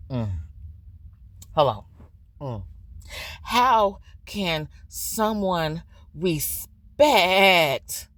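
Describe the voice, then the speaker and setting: A woman's voice: on the low side, no room sound. A woman hosting a commentary channel, ranting bluntly and profanely about online drama, stretching words for emphasis.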